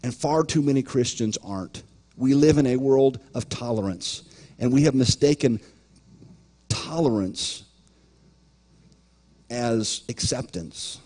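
A man's voice: mid-range voice, lively intonation, unhurried, long pauses, dark tone, husky. A man preaching a sermon as pastor, emphatic, often repeating words and acting out imagined voices.

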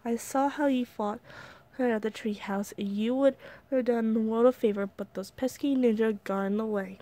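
A woman's voice: a little high, fairly even intonation, moderate pace, dark tone, close to an everyday voice. A woman voicing a sly, menacing male snake villain in a hissed whisper, as whispered role-play.

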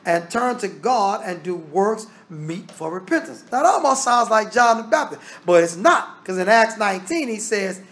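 A man's voice: high voice, animated, unhurried, hardly any pauses, fairly bright tone, a little hiss or hum. A man teaching a Bible study. He reads scripture aloud and explains it in plain, casual talk. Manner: casual Southern American grammar.

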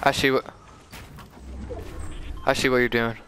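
A young man chatting casually with a teammate while playing, excitable and saying "dude" a lot. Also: mid-range voice, measured pace, clean tone. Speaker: gamer. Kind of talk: casual gameplay chat with a teammate.

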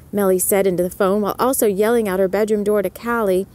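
A woman narrating a story in a soft whispered role-play, lifting her voice for the characters. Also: medium pitch, fairly even intonation, fairly quick, few pauses.

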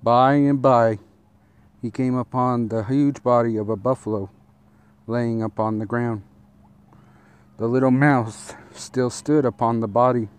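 A man reading a fable aloud as a storyteller, steady and deliberate, with a few small restarts. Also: mid-range voice, smooth.

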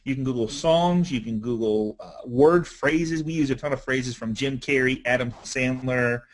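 Man, webinar presenter, loose chatty delivery, energetic, mid-pitched voice. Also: moderate pace, poor audio. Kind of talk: casual instructional webinar talk.

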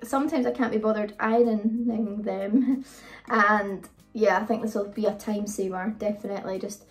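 A British woman vlogger rambles casually through a haul video, saying um a lot. Her mid-range voice has fairly even intonation and a moderate pace, and she sounds a bit far from the mic with faint music behind her.

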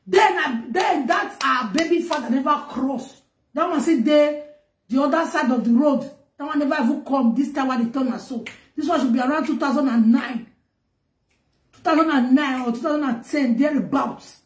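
A woman speaking Nigerian Pidgin English tells an emotional gossip story as a vlogger, her voice rising and growing loud when she gets upset. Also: high-pitched, moderate pace, echoey room. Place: home in Germany.

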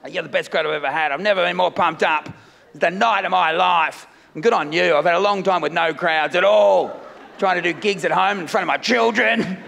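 A middle-aged man from Melbourne with an Australian accent, doing a loud, rambling, self-mocking stand-up routine on a festival stage. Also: high voice, a little fast, vocal fry, in a large hall, slight background noise. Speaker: stand-up comedian. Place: comedy festival stage with live audience.

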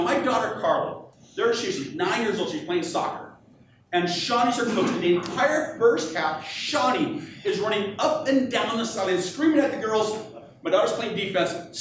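A man giving a live business keynote to an audience, energetic and peppering the crowd with questions. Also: high-pitched. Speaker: professional speaker. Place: event hall with audience. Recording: echoey hall, voice from far off, faint hum.

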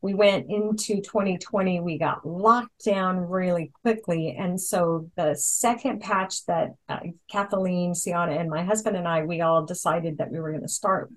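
A woman with a fairly low voice tells stories in casual chat. She rambles a little, filling pauses with ums and restarting sentences. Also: steady tone, rough recording. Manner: chatty storyteller, many ums and restarts. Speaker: product presenter. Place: Hawaii.

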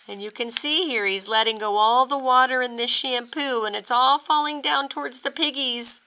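A woman reading a picture book aloud to children, expressive and stopping to ask them questions. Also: a little high, measured pace, slight background noise, low-quality recording. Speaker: storyteller for children.

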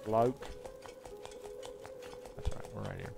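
A man's voice: mid-range voice, a little slow, long pauses, soft background music. Male gaming streamer with a mid-range voice, chatty and joking, muttering game moves. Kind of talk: live gameplay commentary.

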